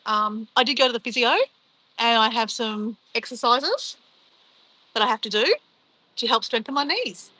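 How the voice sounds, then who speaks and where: A woman's voice: on the high side, normal speed, long pauses, pushed and bright, dry recording, rough recording. A middle-aged Australian woman with an Australian accent, hosting a casual livestream, chatty and upbeat as she reads out chat messages and shrugs off insults. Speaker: livestream host reading chat.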